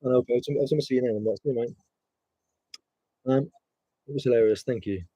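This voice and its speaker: Male streamer, mellow voice, casual swearing banter. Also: mid-range voice, moderate pace, husky, no room sound, poor audio. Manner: rambling, swearing banter with viewers. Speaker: reseller streamer. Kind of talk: casual live-stream chat.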